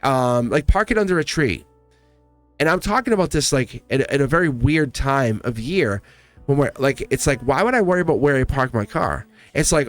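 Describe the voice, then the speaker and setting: A man's voice: mid-range voice, animated, a little fast, soft background music. A man giving a casual tarot reading, rambling in loops, restarting phrases and chuckling as he talks. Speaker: tarot reader.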